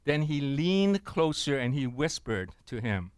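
A man's voice: medium pitch, big pitch swings, a little slow, few pauses, smooth, no room sound, clean studio sound. A man preaching a sermon, telling a story and often asking his listeners "right?" and "amen?". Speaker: pastor.

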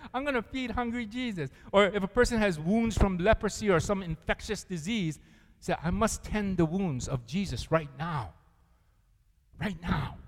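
Animated male pastor preaching in a reverberant hall. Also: a little high. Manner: animated, calls congregation to read along. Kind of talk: sermon.

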